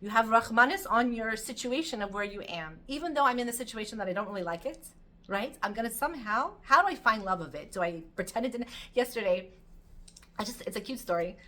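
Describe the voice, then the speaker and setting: A middle-aged woman giving an informal Torah class, telling stories in an animated, chatty way. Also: on the high side, fast. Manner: animated storytelling, lively and chatty. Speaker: Torah teacher.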